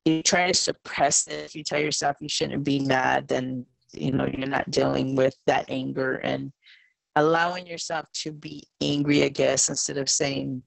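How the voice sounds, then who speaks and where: Low gravelly older mother, earnest. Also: flat delivery, moderate pace, dry recording. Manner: earnest, searching for words. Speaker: podcast co-host. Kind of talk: casual podcast chat.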